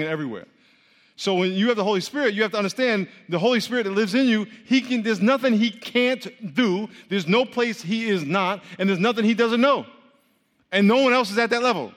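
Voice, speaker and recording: A man's voice: sits high, animated, a little fast, a bit bright. A man teaching an interactive sermon with call-and-response, playful and quizzing his listeners. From grew up Catholic. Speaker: preacher teaching a class. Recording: long hall reverb.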